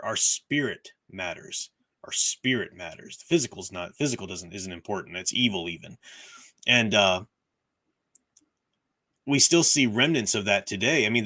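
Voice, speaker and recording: A man fields viewer questions during a laid-back livestream on faith and fiction, explaining earnestly and working things out aloud as he talks. The voice sits lowish, with a bright, forceful tone, though it comes across as strained and weary.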